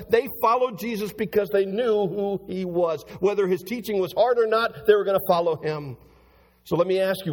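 A man preaching in a church sanctuary with a fairly high, husky voice. He swings from hushed low passages to loud, excited peaks, and a long reverb trails behind every phrase. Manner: animated preaching with big swings in pitch and loudness. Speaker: pastor. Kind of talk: sermon.

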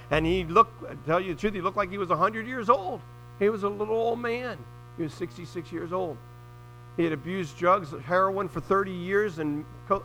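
Middle-aged guy pastor preaching, high bright voice, faint hum behind. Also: poor audio. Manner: earnest preaching, swells loud on scripture quotes. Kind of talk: sermon.

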